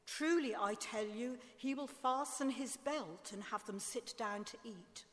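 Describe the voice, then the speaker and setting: A woman giving a slow, measured liturgical Bible reading in church. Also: on the high side, a bit bright. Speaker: scripture reader. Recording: long church reverb.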